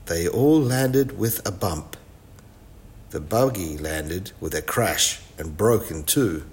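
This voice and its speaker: A man reading a children's storybook aloud in a clear, expressive way. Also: deep voice, slow.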